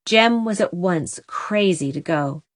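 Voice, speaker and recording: A woman's voice: on the low side, takes it slowly, no echo. Woman reading a storybook, dry sound. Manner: steady, expressive reading. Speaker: audiobook narrator. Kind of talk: scripted storybook narration.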